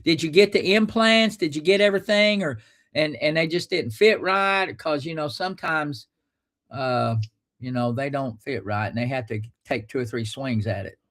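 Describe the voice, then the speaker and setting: Male call-in host, folksy and crude, fairly high voice. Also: normal speed, fairly bright tone. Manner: folksy, crude, rambling humor. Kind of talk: casual call-in talk.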